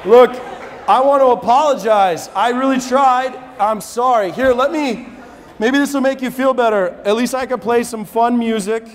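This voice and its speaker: A man's voice: very high voice, normal speed. A man working as a stage hypnotist, talking to volunteers in a playful, mock-flustered showman manner on a college stage. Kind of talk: live stage patter. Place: college stage before a live audience. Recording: echoey hall with loud crowd.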